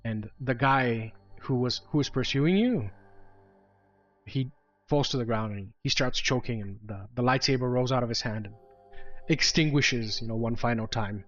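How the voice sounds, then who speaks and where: A man narrating as game master in a halting way, full of fillers and restarts, in a dull lo-fi recording. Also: medium pitch, fairly bright tone, faint music behind.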